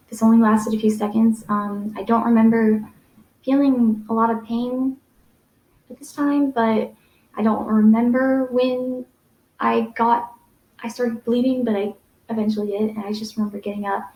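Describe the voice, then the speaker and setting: A woman's voice: mid-range voice, darkish tone. A young adult woman telling a personal story to camera, rambling with many fillers and restarts. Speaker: vlogger. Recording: echoey room.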